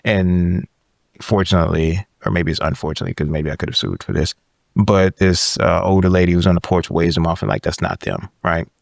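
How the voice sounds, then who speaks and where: Deep-voiced guy in his 30s on a podcast, animated storytelling, keeps saying right?, dry close mic sound. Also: a little fast, vocal fry, no echo. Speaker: podcast guest. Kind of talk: casual conversation, storytelling.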